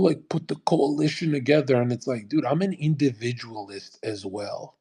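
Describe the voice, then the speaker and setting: A man's voice: mid-range voice, dark tone, slightly rough. A man ranting in a live audio chat, profane and aggressive, scornful, hammering the same point again and again. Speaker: online streamer.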